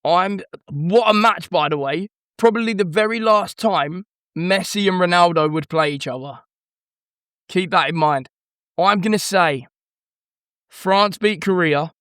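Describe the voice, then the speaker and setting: A man's voice: sits high, fairly bright tone, clear, resonant tone, no room sound, studio quality. A man casually thinking aloud as he predicts football results, rattling off team names and hesitating over his picks.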